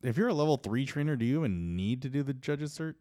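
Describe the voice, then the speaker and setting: A man's voice: mid-range voice, animated, quick pace, mellow, dry recording, studio quality. A young man co-hosting a casual podcast chat, laid-back and sweary with sarcastic asides. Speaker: podcast co-host.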